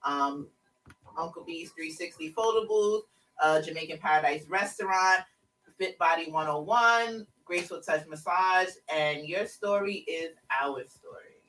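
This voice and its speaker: A woman hosting a podcast in casual chat, loud and excitable, swearing freely. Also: sits low, measured pace, recorded from a distance, low-quality recording. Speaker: podcast host.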